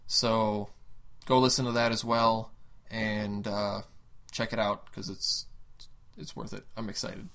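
A man's voice: lowish voice, flat delivery, slow pace, pauses often, fairly bright tone. A man co-hosting a gaming podcast, chatting casually and enthusiastically, rambling with jokes. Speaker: podcast co-host.

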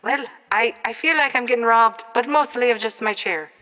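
A woman player wryly describing scenes in a tabletop game into a phone, with hesitant pauses. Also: fairly high pitch, big-room sound, muffled recording. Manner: wry, hesitant.

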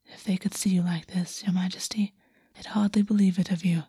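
A woman voicing a gentle, scheming male courtier who speaks in a coaxing whisper. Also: fairly low pitch, steady tone, a little slow, husky, dry recording, clean studio sound, exaggerated voice.

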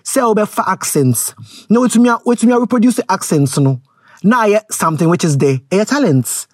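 Lively Ghanaian woman commentating. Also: mid-range voice, normal speed, no echo, studio quality. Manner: rambling, frank, mixes English with Twi. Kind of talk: casual commentary to camera.

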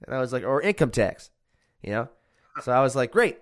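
A man's voice: medium pitch, big pitch swings, quick pace. A young man from Chicago telling a rambling, profane story in casual chat.

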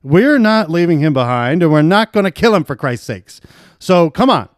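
A man's voice: fairly high pitch, very animated, moderate pace, dry recording, clean studio sound. A man voicing a campy, theatrical male convict who pleads with the others. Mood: pleading.

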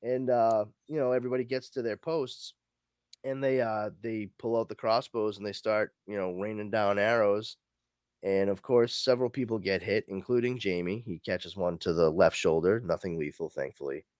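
A man's voice: lowish voice, steady tone, moderate pace, darkish tone, no echo, studio quality. A man hosting a podcast, casually recapping a comic book story in a rambling way, full of fillers. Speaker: podcast host.

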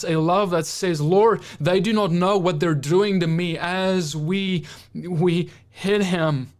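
A man preaching an earnest testimony, slowly and haltingly, often repeating words as he searches for them. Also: a little high. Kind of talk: slow storytelling testimony.

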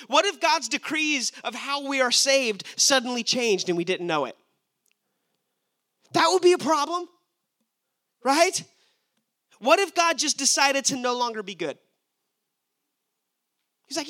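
Bright-voiced emphatic male preacher. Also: extremely high pitch, expressive, normal speed, pauses often. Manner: emphatic, asks the audience rhetorical questions. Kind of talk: sermon.

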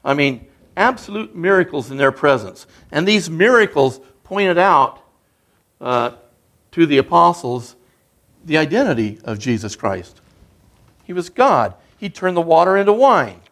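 A man's voice: fairly high pitch, sing-song, measured pace, a bit bright. A man preaching a sermon as a guest speaker, in an earnest, conversational way that builds in emphasis.

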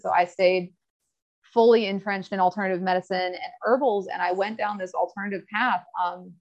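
A woman speaks candidly in a casual interview, recounting her experience in a mid-pitched, conversational voice. The audio is a little dull and lo-fi. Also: darkish tone. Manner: candid, storytelling, quick asides and laughs. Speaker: podcast guest.

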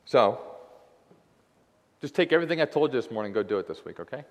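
A man's voice: mid-range voice, animated, quick pace. A young adult man giving a sermon as a guest preacher, talking in a loose, conversational way with lots of filler words. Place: church sanctuary. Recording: long hall reverb.

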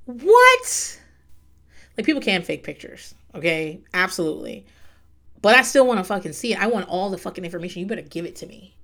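A woman's voice: lowish voice, quick pace, a bit bright. A woman recapping a reality show in a casual, blunt monologue, swearing freely and laughing often.

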